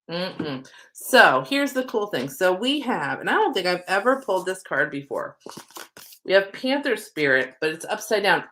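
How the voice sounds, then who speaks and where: A woman with a lowish, fairly bright voice hosts a casual livestream oracle card reading, talking at a moderate pace in a very animated, chatty, playful way with some casual swearing. She's an oracle card reader and manifesting coach, recording at a desk setup with computer screens.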